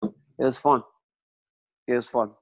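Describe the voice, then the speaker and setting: A man's voice: mid-range voice, steady tone, unhurried, slightly rough, low-quality recording. A man, a podcast guest, telling stories in casual chat, emphatic and laughing, repeating his phrases.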